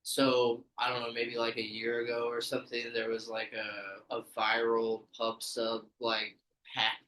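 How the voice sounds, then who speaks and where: A man's voice: mid-range voice, monotone, unhurried, pushed and bright, far from the mic. Man, podcast host; laid-back rambling chat, sits back from the mic in a roomy space. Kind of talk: casual chat.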